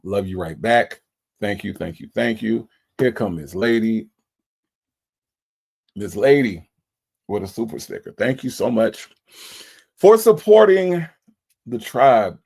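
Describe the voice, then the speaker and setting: A man's voice: sits low, vocal fry, darkish tone. A man hosts a casual livestream. He sounds emotional and keeps repeating his thanks. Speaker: livestream host. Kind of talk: casual livestream shout-outs.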